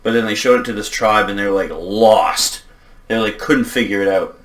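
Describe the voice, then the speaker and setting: A man's voice: fairly low pitch, moderate pace, fairly bright tone. Laid-back man, a bit distant from the mic. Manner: laid-back storyteller, swears casually, laughs often. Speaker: podcast co-host. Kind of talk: casual chat.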